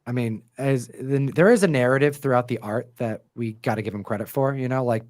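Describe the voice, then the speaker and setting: A man's voice: medium pitch, a little fast, a little mellow, no room sound, studio quality. A man chatting casually about his comic book work, rambling with lots of fillers and restarts. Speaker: comic book co-writer and show host. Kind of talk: casual interview chat.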